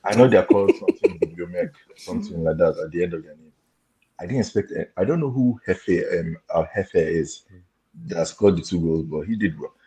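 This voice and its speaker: Deep husky Nigerian-born man, hesitant. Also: expressive, a little fast, warm tone, poor audio. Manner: hesitant, with many fillers and restarts; keeping his voice down at night. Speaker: panelist. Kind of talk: casual chat. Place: home at night.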